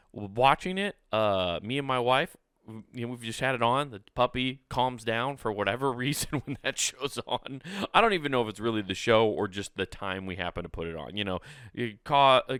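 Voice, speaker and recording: Hosting a solo podcast, a man rambles and jokes, laughing often and swearing occasionally. His medium-pitched voice is fairly bright, clear and resonant, captured in clean studio sound with no room sound.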